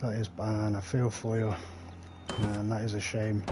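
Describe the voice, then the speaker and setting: Middle-aged man, low voice, rambling live-stream gamer chat with casual swearing, faint ambience behind him. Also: completely flat delivery, a little slow, noisy background. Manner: rambling and chatty, swears freely, talks to the chat.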